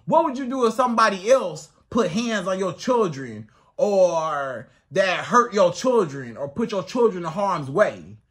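A man giving dating advice as a coach, talking emphatically and piling up rhetorical questions. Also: high voice. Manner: animated, swings into acted outbursts. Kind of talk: advice monologue to camera.

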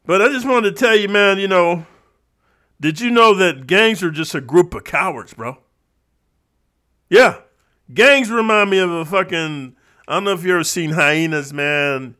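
A man's voice: high-pitched, animated, measured pace, bright, forceful tone. A man talking in a casual vlog monologue, streetwise and preachy, constantly calling the listener bro. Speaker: vlogger.

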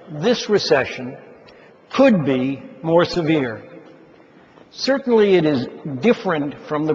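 A man giving a formal economics talk to investment advisors, measured and deliberate, stressing key words as he explains. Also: a little high, slight background noise. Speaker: keynote speaker addressing investment advisors. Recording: dull lo-fi sound with long hall reverb.

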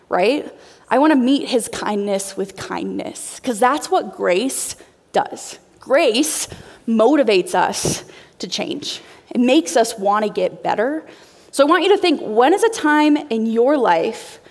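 A woman's voice: a little high, darkish tone. Bubbly young woman preaching in a big hall. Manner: bubbly, emotional, talks straight to teens. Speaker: youth pastor. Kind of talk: youth sermon. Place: church youth hall. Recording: reverberant large hall.

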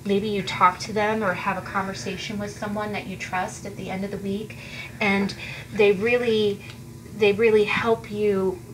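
A woman's voice: mid-range voice, flat delivery, normal speed, background noise. A woman giving a weekly tarot card reading to viewers, earnest and chatty, often restarting and repeating her words.

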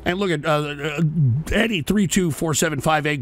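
Profane, shouting male radio ranter. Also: on the high side, expressive, normal speed, few pauses. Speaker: radio show host reading chat. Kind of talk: ranting live show monologue.

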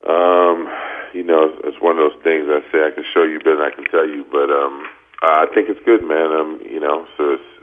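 A man calling in as a radio guest, talking in a laid-back, measured way with many pauses and an early-morning voice. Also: very deep voice. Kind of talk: phone interview. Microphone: phone line. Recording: tinny phone line.

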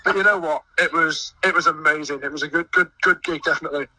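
A young man who sings in a choir and volunteers at a festival, talking excitedly in a radio interview and often stumbling over his words. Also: on the high side, quick pace, recorded from a distance, a little hiss or hum, rough recording. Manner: eager, stumbling restarts. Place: busy outdoor festival field.

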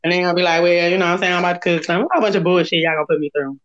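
A woman hosts a casual livestream, speaking rapid-fire in a lowish voice with fairly even intonation. Her heated talk is blunt, profane and taunting, captured in lo-fi livestream audio.

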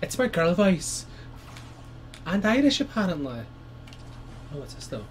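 A Scottish man with a slightly high voice chatters through a co-op game, excitable and swearing freely. It is a casual let's-play recording with a faint hiss of noise underneath. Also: normal speed. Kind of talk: casual gaming commentary.

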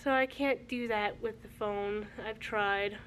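A woman's voice: medium pitch, fairly even intonation, slow, fairly bright tone, slight background noise. A young woman in her twenties, out of breath, chatting casually to her camera at home, rambling with many restarts. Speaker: vlogger. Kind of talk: casual vlog chat. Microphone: handheld camera mic.

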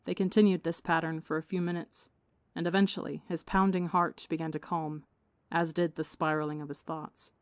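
Low-voiced woman reading a story. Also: level tone, normal speed, dry recording. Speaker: audiobook podcast reader. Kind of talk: scripted narration of fan fiction.

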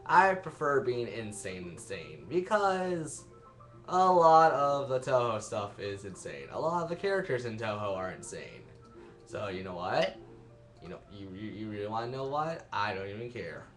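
Brief: young male let's-player, lowish voice, rambling and self-mocking, soft game music under him. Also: big pitch swings, moderate pace. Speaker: let's play commentator. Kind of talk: rambling gameplay commentary.

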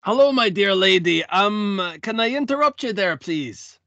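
A man's voice: high-pitched, lively intonation, measured pace, creaky, pushed and bright, no echo, lo-fi sound, exaggerated voice. A man voicing a sociable, secretive male dwarf traveller who talks hesitantly and stumbles over his words. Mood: chatty.

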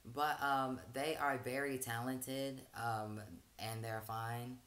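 A man's voice: medium pitch, level tone, takes it slowly. A man hosting a reaction vlog, chatting casually and loosely, with frequent "um" fillers between phrases. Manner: loose and rambling, frequent "um" fillers and soft laughs. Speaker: reaction channel host.

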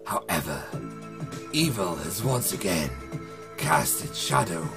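A low, swooping voice of a solemn game-intro narrator, as a man puts him on. The delivery is slow and drawn out, with wide rises and falls in pitch. It is delivered as dramatic mock narration, with soft music underneath. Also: sing-song, gravelly, heavily acted. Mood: ominous.

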